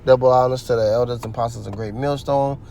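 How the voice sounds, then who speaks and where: A man's voice: mid-range voice, steady tone, quick pace, warm tone, slight background noise. A man giving heated religious commentary, ranting in a profane, preachy way.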